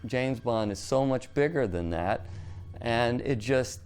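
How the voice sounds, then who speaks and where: A man's voice: medium pitch, slow, a little mellow. A man giving reflective, opinionated comments in a documentary interview.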